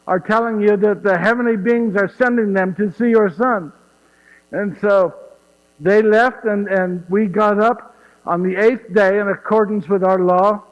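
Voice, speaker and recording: A man's voice: high-pitched, lightly acted. A man playing Saint Joseph, humble and awed. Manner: chuckles warmly at his own story, asks the audience directly. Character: Saint Joseph, humble earthly father, wonder-struck storyteller. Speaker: actor in a one-man stage show. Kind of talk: first-person dramatic monologue. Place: church. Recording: echoey church, dull muffled sound.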